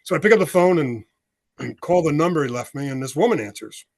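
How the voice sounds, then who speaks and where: An older man in his sixties from the United States tells his story on a podcast, bringing the dialogue to life as he speaks. His voice sits a little high for a man. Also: quick pace. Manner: animated storyteller, acts out dialogue. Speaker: podcast guest, author and veteran.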